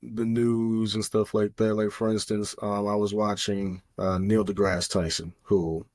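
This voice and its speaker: A man with a fairly low voice co-hosts a podcast in loose, casual chat. He rambles, leaning on fillers and restarts as he works through his thoughts. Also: flat delivery, measured pace, a little mellow. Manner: rambling, heavy on fillers like "you know" and "um". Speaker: podcast co-host.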